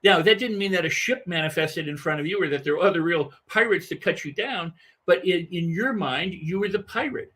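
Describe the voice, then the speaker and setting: A husky man with a fairly high voice talks fairly quickly as a guest in a conversational interview. Animated and emphatic, he stacks repeated phrases to drive his point home.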